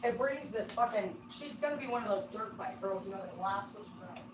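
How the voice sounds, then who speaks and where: A middle-aged woman giving a casual, rambling tarot reading on a livestream. She talks excitably and swears constantly. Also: medium pitch, fairly quick. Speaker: tarot card reader. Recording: roomy sound from a distance, faint hum.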